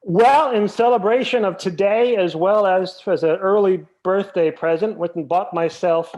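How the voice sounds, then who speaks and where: A man's voice: sits high, moderate pace, darkish tone. A man guesting on a podcast over a video call, telling self-deprecating stories. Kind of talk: casual chat, anecdotes.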